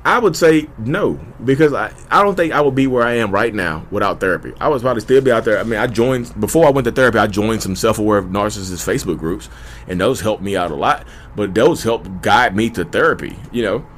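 A man talks straight to his audience in a casual, heartfelt way, repeating his points and calling everyone y'all. His voice sits on the lower side. A faint hum of room ambience runs underneath. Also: lively intonation, fairly quick. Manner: earnest, repetitive, addresses listeners as y'all. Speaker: YouTube host. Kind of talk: casual direct-to-camera advice talk.

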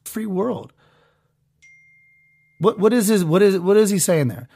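A man hosting a podcast, doing a crude, rambling mock sponsor rant that swings between loud bursts and mutters. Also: high-pitched, lively intonation, unhurried, creaky, no room sound. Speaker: podcast host.

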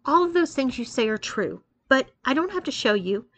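A woman's voice: sits high, sing-song, moderate pace, a bit bright, dry recording, full character voice. A woman reading the lines of a nervous, timid young male college student who stammers and pleads.

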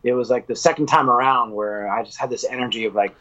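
A man's voice: medium pitch, fast talker, sharp tone. A man from the United States, a guest on a podcast, telling a long story candidly, swearing freely and acting out quoted lines. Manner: acts out quoted speech. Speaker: podcast guest, metal vocalist. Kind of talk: casual storytelling interview. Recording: dull lo-fi audio.

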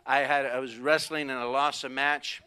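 Bright-voiced man preaching a sermon. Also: medium pitch, normal speed, clear, resonant tone. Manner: animated storytelling, acts out quoted voices. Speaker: pastor.

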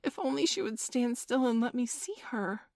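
A woman's voice: fairly low pitch, big pitch swings, normal speed, no echo, studio quality, pitched above the performer's own voice. A woman doing an eager, wondering young girl. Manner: breathless, wondering storybook voice. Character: eager curious young girl, admiring and easily thrilled.

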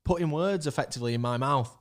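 A man's voice: medium pitch, fast. Young Yorkshire man, mid voice, chips in with sweary jokes in casual chat. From Northern England. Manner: sweary, chiming in, jokey asides. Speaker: podcast co-host.

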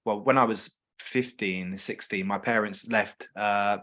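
A man's voice: on the low side, fairly even intonation, measured pace, bright, forceful tone. Enthusiastic man. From South London, England. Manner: enthusiastic, restarts a lot. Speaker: podcast guest, business owner. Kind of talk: casual chat.

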